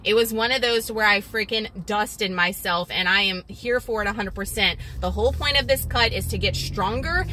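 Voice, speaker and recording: A woman's voice: on the high side, noisy background. A young woman vlogging casually and chattily, still catching her breath after a workout. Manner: chatty and animated, lots of fillers like "like". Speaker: fitness vlogger. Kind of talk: casual vlog talk. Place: resting in a massage chair.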